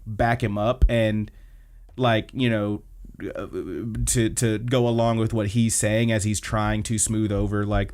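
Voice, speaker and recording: A man's voice: on the low side, darkish tone, clear, resonant tone. A man co-hosting a podcast, casually recapping anime episodes in a chatty way and acting out the characters' lines. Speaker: podcast co-host.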